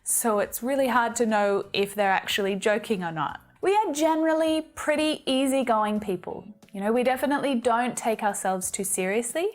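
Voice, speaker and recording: A woman with an Australian accent, giving an upbeat, scripted English lesson and explaining things clearly. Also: on the high side, normal speed, hardly any pauses. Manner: upbeat and explanatory, with light laughs. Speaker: English teacher.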